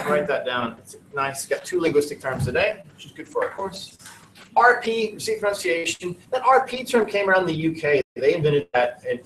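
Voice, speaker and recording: A man's voice: on the high side, slight background noise. A man from the United States teaching a class, lecturing in a chatty, jokey, digressive way. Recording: roomy classroom audio from a distant mic.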